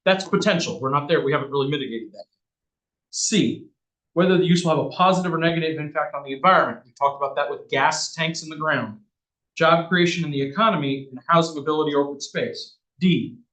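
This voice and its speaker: A man chairing a town planning board meeting, brisk and reading out agenda items. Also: on the high side, pushed and bright. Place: municipal meeting room. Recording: echoey meeting room.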